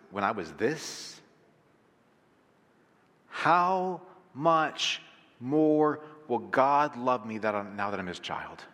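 A man's voice: on the high side, bright, forceful tone. A man, a pastor, preaching a sermon in a conversational way with rhetorical questions, in a church sanctuary. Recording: long reverb of a large hall.

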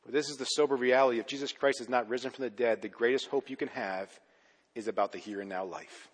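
A male pastor delivers a sermon in a church sanctuary, his voice a little husky. He punches key words loudly, then lets phrases sink low and soft. A long reverb trails behind every line. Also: steady tone, quick pace. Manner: emphatic, swinging between loud urgent stresses and low quiet endings.

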